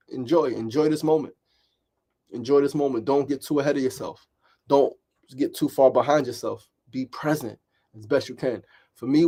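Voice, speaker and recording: A man's voice: medium pitch, a little mellow. A middle-aged man hosting a motivational talk, emphatic and repetitive, often asking "right?". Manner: emphatic and repetitive, with frequent "right?" and mild swearing. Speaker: podcast host.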